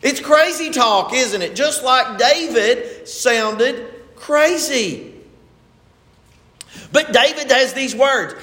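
A man's voice: extremely high pitch, animated, slow pace, pauses often, fairly bright tone. A man preaching a sermon, driving his points home with rhetorical questions and acted-out quotes. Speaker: pastor. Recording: echoey hall.

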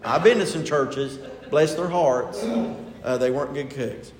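A man's voice: fairly high pitch, a little slow, crowd noise. A pastor preaching a sermon in church, asking his congregation rhetorical questions with rising emphasis. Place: church sanctuary. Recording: echoey church hall.

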